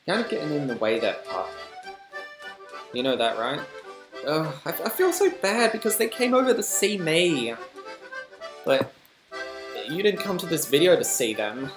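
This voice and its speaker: A man with an Australian accent, hosting a reaction video with chatty, rambling commentary and self-deprecating asides. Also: on the high side. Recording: echoey room.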